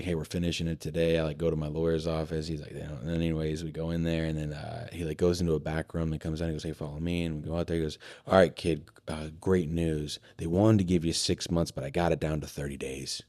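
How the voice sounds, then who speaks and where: A man's voice: deep voice, warm tone. A man talking as a podcast guest, candidly telling a personal story in a casual conversation, swearing freely and with many fillers and restarts.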